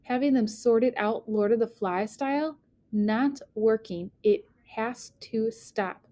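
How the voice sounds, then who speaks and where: A woman reading an audiobook, voicing a stern and angry adult woman at a school who speaks in clipped, measured lines. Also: fairly high pitch, dark tone.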